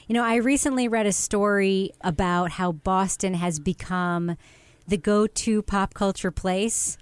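A woman's voice: mid-range voice, steady tone, a little slow, clean tone, no echo. Woman podcast host, leads the chat, laughs a lot, dry close mic. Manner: leads the talk, laughs often. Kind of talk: casual podcast discussion.

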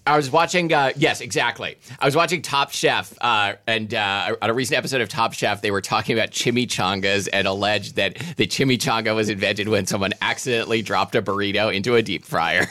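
A man's voice: on the low side, a little fast, hardly any pauses, sharp tone, no echo, clean studio sound. A man co-hosting a podcast in casual chat, talking with many hesitant restarts and fillers. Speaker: podcast co-host.

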